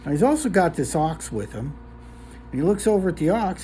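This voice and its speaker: A man telling a long joke in a relaxed, casual way, with lots of ums and uhs. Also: a little high, a little fast, slight background noise. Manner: relaxed, filler-heavy storytelling.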